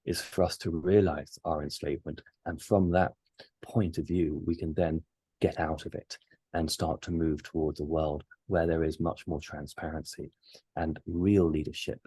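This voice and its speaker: A man with a very low, husky voice talks earnestly about big ideas, pressing each point with emphasis. His tone is dark and mellow. The sound is dry and close. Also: little pitch movement, normal speed, dry recording. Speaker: resident astrologer. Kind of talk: casual chat.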